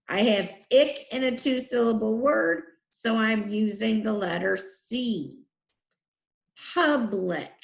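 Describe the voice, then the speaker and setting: A woman teacher leading a spelling lesson for children, sounding out letters and syllables slowly and deliberately. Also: a little high, vocal fry, reverberant.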